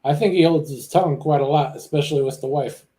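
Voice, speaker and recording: A man on a casual review panel, giving measured opinions and calmly pushing back. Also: fairly high pitch. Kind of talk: casual chat.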